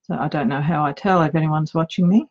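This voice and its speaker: A woman's voice: low voice, fairly even intonation, a little fast, darkish tone, breathy edge, lo-fi sound. A middle-aged woman with an Australian accent, an author chatting casually and nervously in her home office, joking about herself. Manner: chatty, nervous and self-deprecating. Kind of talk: casual live video chat.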